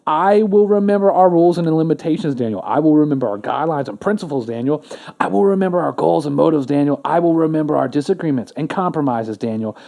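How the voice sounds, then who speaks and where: A man's voice: a little high, lively intonation, quick pace, creaky, mellow. A man reading the lines of a pleading chatbot AI, repeating its pleas and a name again and again. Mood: clingy. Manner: repetitive, begging, says the name over and over. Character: pleading clingy chatbot AI, genderless machine.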